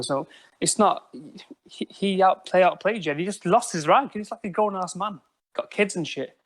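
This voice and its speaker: A man tells stories in a casual podcast chat. He is animated and swears freely, with a fairly high voice that carries a lot of feeling. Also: brisk. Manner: animated storytelling, swears often. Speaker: podcast guest.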